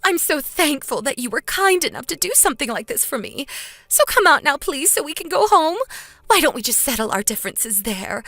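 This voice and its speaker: A woman voicing a pushy older mother-in-law who pleads and demands in a high, swooping voice. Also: sing-song, a little fast, fairly bright tone, no echo, full character voice. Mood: pleading. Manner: wheedling, then shrill and demanding. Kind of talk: dramatized story dub.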